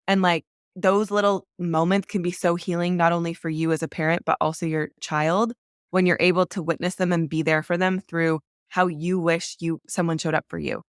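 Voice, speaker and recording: A woman's voice: fairly low pitch, fairly even intonation, moderate pace, clean tone, no echo, clean studio sound. Podcast guest, woman, heartfelt and candid, filler-heavy casual speech, clean resonant tone. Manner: earnest and emotional, many "like" fillers. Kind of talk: candid conversational interview.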